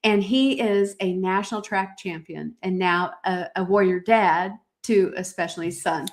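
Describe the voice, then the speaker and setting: A woman's voice: on the low side, fairly even intonation, moderate pace. A woman hosting a motivational podcast, reading from her own journal with emphatic, preacher-like exhortations and frequent fillers. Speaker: podcast host.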